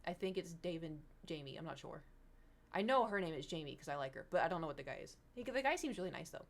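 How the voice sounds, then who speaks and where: A young woman chatting casually with viewers on a livestream, rambling and animated, slipping into mocking impressions. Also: low-pitched, fast. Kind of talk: casual stream chat with viewers.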